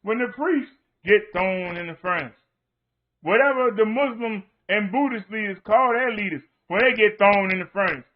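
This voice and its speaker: A minister with a high-pitched voice preaches at a normal pace on his online show. He drives his points home emphatically with repeated rhetorical questions, and the sound is tinny, like a phone.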